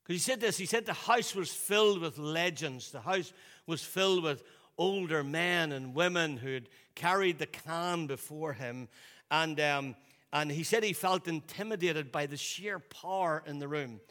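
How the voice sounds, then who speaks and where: With a forceful, bright tone and a slightly slow pace, a male pastor preaches in a relaxed, conversational manner, the sound filling a big room. He keeps repeating and restarting, and quotes come out in a lowered voice.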